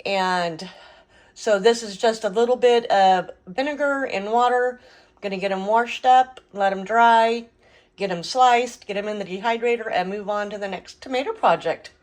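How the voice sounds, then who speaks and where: A woman's voice: medium pitch, normal speed, poor audio. A middle-aged woman hosting a casual home cooking vlog, chatting through each step as she works. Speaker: home cooking and garden vlogger.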